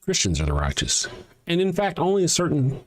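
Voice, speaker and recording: A man's voice: on the high side, wildly swooping pitch, a little fast. A man hosting a livestream, answering chat sarcastically and reading out verses in casual commentary. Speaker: livestream host.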